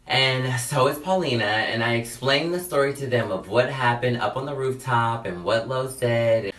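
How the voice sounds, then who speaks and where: A man's voice: mid-range voice, normal speed, few pauses, a bit bright, distant mic. Dramatic guy spilling party tea, says like a lot, echoey room, a bit off mic. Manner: chatty, dramatic, fills with "like" and "honey". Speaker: vlogger. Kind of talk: casual storytime.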